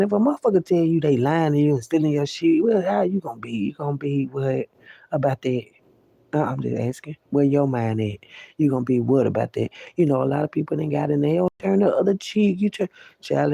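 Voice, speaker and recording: A man's voice: on the high side, vocal fry, mellow, breathy edge, no room sound. A man talking straight to the listener in a casual, profane, emphatic monologue, often repeating himself. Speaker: vlogger.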